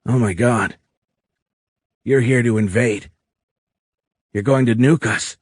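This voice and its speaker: A man's voice: fairly low pitch, measured pace, darkish tone, slightly rough, no echo, studio quality. A man voicing a frightened human captive who fires off alarmed, demanding questions.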